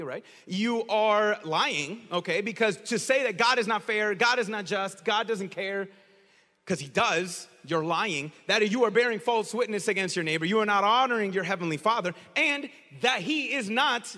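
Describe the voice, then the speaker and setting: High bright guy preaching, animated, kinda echoey big room. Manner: animated storytelling, shouts in places. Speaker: pastor. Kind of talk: sermon.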